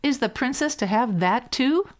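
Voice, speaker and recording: A woman's voice: a little high, expressive, moderate pace, voice pushed up, lightly acted. A woman reading a fairy tale, voicing two proud young brothers who mock their sibling. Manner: mocking, superior.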